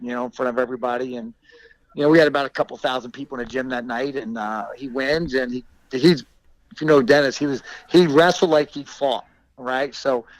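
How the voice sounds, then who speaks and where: A man's voice: mid-range voice, fairly even intonation, a little fast, no room sound, low-quality recording. A middle-aged man, a wrestling coach and guest, reminiscing with enthusiasm and acting out quotes. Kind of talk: casual storytelling chat.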